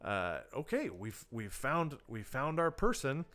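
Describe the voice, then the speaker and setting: A man's voice: medium pitch, sing-song, unhurried, a bit bright. A man on a livestream teaching how to write horror for tabletop role-playing games, talking loosely and conversationally and acting out players' reactions. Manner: loose and conversational, with many fillers and restarts. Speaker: tabletop game design teacher. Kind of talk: livestreamed workshop talk.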